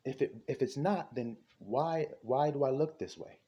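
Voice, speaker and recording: A man preaching an impassioned sermon, fervent and repetitive, with a husky voice. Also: medium pitch, animated, moderate pace, highs cut off. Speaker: street preacher.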